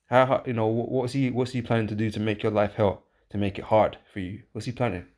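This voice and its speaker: Rambling, low-voiced man preaching. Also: flat delivery, fast, a little mellow. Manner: rambling, repetitive, emphatic with frequent fillers and tag questions. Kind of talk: informal preaching with scripture reading.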